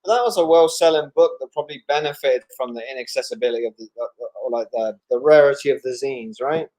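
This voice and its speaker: A man with a medium-pitched, slightly mellow voice talks fast while co-hosting a casual comics chat over a video call. He reads out viewer questions in a laid-back, hesitant way, using lots of fillers.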